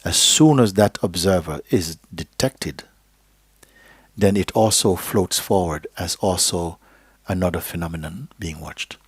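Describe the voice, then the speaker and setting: He teaches spirituality live to an audience in a gathering hall, his very low, husky voice slow and gentle and occasionally falling into a soft whisper. "Okay?" and "you see?" punctuate his talk as he checks in. It's a dry recording, close-sounding with little room around it.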